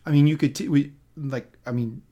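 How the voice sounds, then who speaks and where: A man's voice: on the high side, fairly even intonation, normal speed, dark tone, muffled recording. A man co-hosting a casual podcast recap, talking in a rambling, self-correcting way with wry asides. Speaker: podcast co-host.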